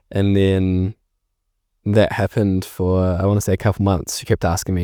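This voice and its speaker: A man's voice: sits low, normal speed, smooth, dry recording, clean studio sound. A young man with a New Zealand accent, a filmmaker telling his story in a casual podcast interview, acting out past conversations. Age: young adult. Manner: animated storyteller acting out remembered exchanges. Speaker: filmmaker guest.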